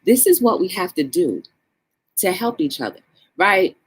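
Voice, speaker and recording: A woman's voice: lowish voice, moderate pace, husky. A woman hosting a livestream talk show, chatting casually and encouraging her viewers. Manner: animated, encouraging, greets chat viewers.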